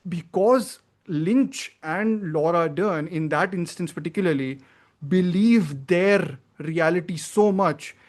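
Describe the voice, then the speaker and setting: A man's voice: sits high, takes it slowly. Earnest man thinking aloud. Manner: earnest, thinking aloud, many fillers and restarts. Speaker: podcast host. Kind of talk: casual film discussion.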